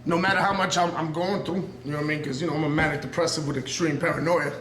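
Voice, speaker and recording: Fast-talking and a little high-pitched, the New York wrestler in his thirties keeps a steady tone and a fairly bright sound through his unscripted promo interview. He rambles with earnest intensity, repeatedly circling back on himself. Expect a roomy echo and a faint hiss or hum.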